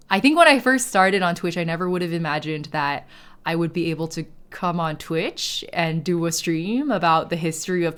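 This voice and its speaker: A woman's voice: on the low side, fairly bright tone, smooth. A woman streamer chatting casually, reading chat messages aloud and laughing often. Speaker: live streamer.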